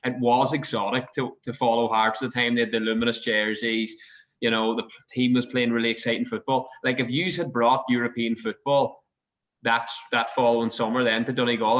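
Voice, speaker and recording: A man's voice: mid-range voice, a bit bright. A man co-hosting a podcast, asking the guest long, winding questions in a casual interview. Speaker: podcast co-host.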